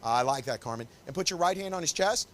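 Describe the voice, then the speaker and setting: A man's voice: on the high side, expressive, quick pace, fairly bright tone. Upbeat male photographer coaching a couple. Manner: upbeat, coaxing, directs the couple constantly. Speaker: wedding photographer teaching. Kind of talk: live posing demonstration. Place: confined indoor shooting space.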